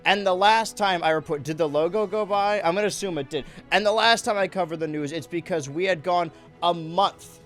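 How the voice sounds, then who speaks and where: A young man hosting a joke news show, with a jokey, excitable mock-newscaster delivery. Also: high voice, a little fast, soft background music. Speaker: host.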